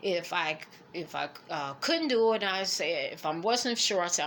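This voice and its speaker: A middle-aged woman talks slowly in a personal vlog, her voice gravelly and full of fry. She speaks haltingly and emotionally, restarting her words as she fights back tears. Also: fairly low pitch, animated, a bit bright, slight background noise. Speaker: vlogger. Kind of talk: personal reflection to camera.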